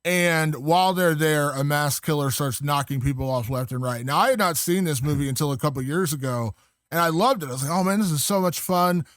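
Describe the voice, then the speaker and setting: A man's voice: a little high, brisk, fairly bright tone, no room sound, studio quality. A man chatting casually as a podcast guest, enthusiastic and rambling, with many fillers. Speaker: guest film critic.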